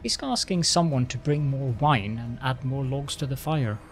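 A man's voice: mid-range voice, normal speed, faint music behind. Man narrating a game's story text. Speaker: let's play narrator. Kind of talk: reading game text aloud.

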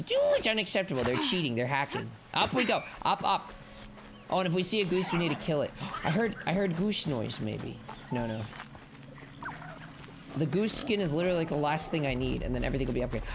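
Goofy streamer shouting at his game. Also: high voice, background noise. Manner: playful and goofy, silly chants, shouts at the game. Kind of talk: live-stream gameplay commentary. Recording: game music playing behind.

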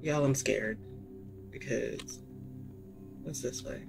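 A woman's voice: rumbling low, slow, gravelly, music in the background. A woman streamer commenting casually on a horror game, reacting with frustration and panicked repetition. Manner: reactive, exasperated, repeats herself in panic. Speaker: gaming streamer.

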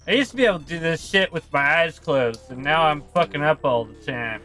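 A man streaming himself playing a game live, swearing and yelling angrily at the game between muttered asides to chat. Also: on the high side, a little fast. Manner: profane, ranting, yelling at the game. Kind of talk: live gameplay stream commentary.

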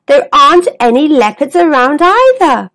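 A woman voicing a herd of calm adult zebras who speak patiently and reassuringly. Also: high voice, moderate pace, voice pushed up, heavily acted.

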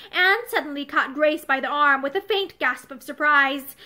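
A woman reads an old novel aloud to the camera, telling the story expressively. Her voice is high, bright and full of lively melody. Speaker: audiobook narrator. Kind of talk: reading a vintage novel aloud. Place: indoors, seated facing camera. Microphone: camera-facing recording.

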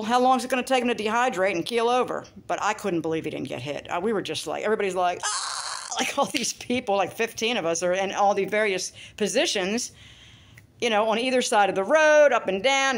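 Chatty woman retelling a street story. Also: fairly quick. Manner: chatty, animated retelling, voices others in squeaky tones. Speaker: vlogger. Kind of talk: casual storytelling vlog. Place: outdoors after a walk.

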